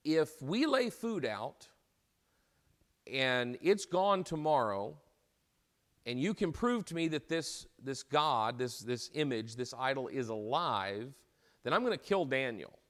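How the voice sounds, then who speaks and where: A man's voice: medium pitch, very animated, slow, fairly bright tone. A man voicing an indignant ancient king who insists, in a rising and exasperated tone, that his idol is alive. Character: indignant ancient male king, quick to anger.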